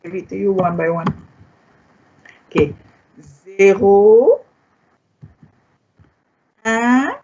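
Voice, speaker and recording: A Malaysian woman teaching a beginners' French class online, patiently repeating each word in slow, clear steps. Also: lowish voice, flat delivery, darkish tone. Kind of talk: online language lesson. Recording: dull lo-fi online class audio.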